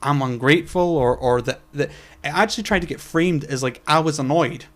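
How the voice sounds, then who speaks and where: A man's voice: fairly high pitch, a little fast. A man chatting on a podcast, cursing freely as he tells a story. He acts out both sides of every argument in his own voice, with plenty of restarts and filler words. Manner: swearing storyteller, acts out quoted exchanges. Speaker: podcast co-host. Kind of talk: casual podcast chat.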